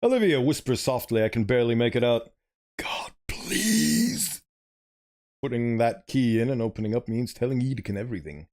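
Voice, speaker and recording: A man's voice: medium pitch, lively intonation, fast talker, few pauses, mellow. A man streaming a story game, reading it aloud and chatting animatedly, sometimes fumbling for words.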